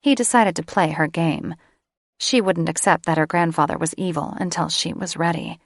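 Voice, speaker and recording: A woman narrates a romance audiobook in a measured, unhurried read with a soft, sensual touch. Her voice sits low with a gravelly grain, recorded close and dry. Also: no room sound.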